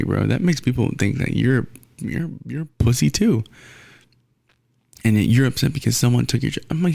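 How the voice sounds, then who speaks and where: A man's voice: on the low side, normal speed, vocal fry, darkish tone, no echo, clean studio sound. A young man hosting his own podcast, ranting bluntly and profanely in a casual solo sports talk. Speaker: podcast host.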